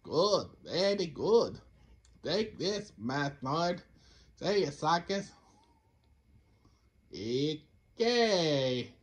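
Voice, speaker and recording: Very animated yet slow-paced, a high-leaning male voice carries this rambling gameplay commentary. The man talks to himself and to the game, keeps sliding into a Count Dracula-style voice, and reprimands himself for doing so.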